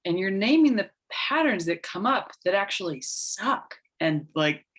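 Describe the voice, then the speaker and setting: A woman's voice: medium pitch, sing-song, a little slow, fairly bright tone, slightly rough. A woman workshop participant thinking aloud as she asks a question, hesitant and restarting while she searches for her words.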